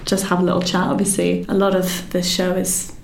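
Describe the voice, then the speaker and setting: Low-voiced woman at an echoey team meeting. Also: completely flat delivery, a little fast, vocal fry, slight background noise. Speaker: production team member. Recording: echoey room.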